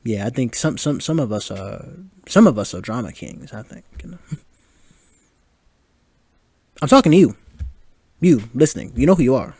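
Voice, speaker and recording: This twenty-something man hosts a podcast, riffing on movies in a chatty way, laughing often and leaning on fillers. His medium-pitched voice is husky and darkish, with lively intonation, a moderate pace and frequent pauses, captured in a dry recording.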